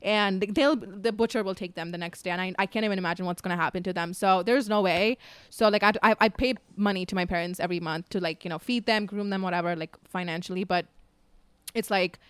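Young woman rambling on a podcast, smooth voice, dry close sound. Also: medium pitch, fairly even intonation, fast, no room sound. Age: 20s. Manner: candid, chatty, peppered with likes. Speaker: podcast co-host. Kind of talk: casual chat.

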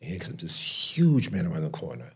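Very low husky man telling stories. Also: brisk. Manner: animated, acts out every voice in his stories. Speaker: guest. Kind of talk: storytelling in conversation. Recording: podcast studio mic.

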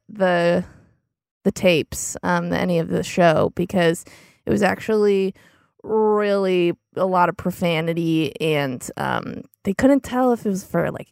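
A woman's voice: lowish voice, vocal fry, dry recording, studio quality. A woman, a regular on a comedy podcast, in casual improv chat, rambling as she makes up a story.

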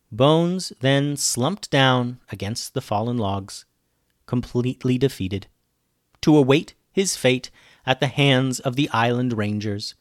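A male podcast host reads a children's story aloud in a playful, animated way. His voice sits at a middle pitch, and the recording is dry and close. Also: slow, no room sound. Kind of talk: storytelling narration.

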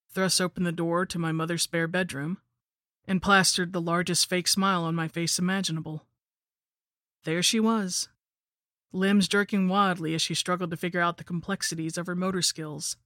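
A man's voice: sits high, vocal fry, a bit bright, no echo, studio quality. A man reading a first-person horror story aloud with a wry, storytelling manner. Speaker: narrator. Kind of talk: scripted horror story narration.

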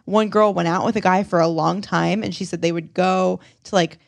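A young woman with a lowish, gravelly voice chats as a podcast co-host. She tells stories in a relaxed, giggly way, recorded dry and close. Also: moderate pace, no echo. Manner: chatty, recounts stories with giggles. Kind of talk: casual chat.

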